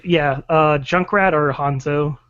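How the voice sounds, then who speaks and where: A man's voice: on the high side, fairly even intonation, slow pace, a bit bright, clear, resonant tone, no echo. A man co-hosting a casual gaming podcast, rambling with lots of fillers. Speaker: podcast co-host. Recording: dull lo-fi sound.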